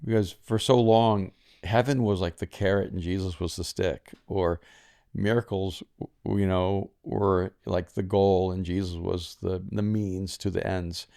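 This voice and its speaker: A man hosting a faith podcast, speaking in a measured, reflective way with a preacher's emphasis. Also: low voice, steady tone, vocal fry, mellow, clear, resonant tone. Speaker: podcast host.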